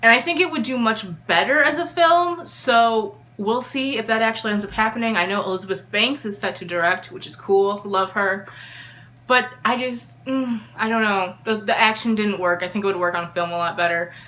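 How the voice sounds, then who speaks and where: Woman book vlogger, bright clear voice, exasperated opinionated critique, casual chat to camera. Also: mid-range voice, moderate pace. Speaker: book reviewer. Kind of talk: casual book review vlog.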